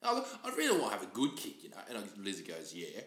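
A man's voice: lowish voice, wildly swooping pitch, very fast, a bit bright. A man voicing a boastful middle-aged Cockney mother who rambles and laughs through her bragging. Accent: put-on Cockney. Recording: roomy echo.

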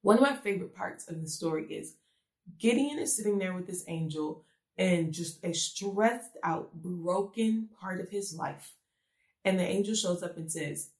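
A woman's voice: on the low side, unhurried, darkish tone. A woman giving a conversational sermon, earnest and full of rhetorical questions. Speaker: speaker giving a devotional message. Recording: echoey room.

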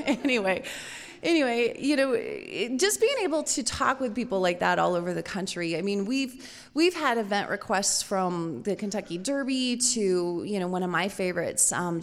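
A woman telling a story live on stage in an animated, playful, laughing manner. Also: fairly low pitch, creaky, in a large hall.

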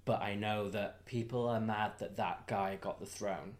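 A man's voice: on the low side, steady tone, measured pace. A man co-hosting a podcast, chatting casually with a camp, cheeky, joking manner. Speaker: podcast co-host. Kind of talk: casual chat.

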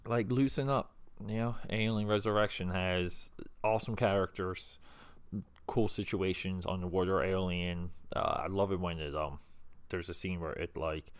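A man with a deep, low voice talks casually on his own show, drifting from thought to thought and stacking up fillers and restarts. He sounds a little hungover, and the sound is close and dry with no room around it. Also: dry recording. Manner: rambling, hesitant, full of fillers and restarts. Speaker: podcast host. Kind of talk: casual solo chat.

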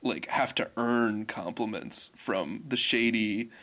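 A man chatting casually about a cartoon episode, rambling with lots of fillers and acting out quick quotes. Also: fairly low pitch. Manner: rambling, many fillers, animated acted quotes.

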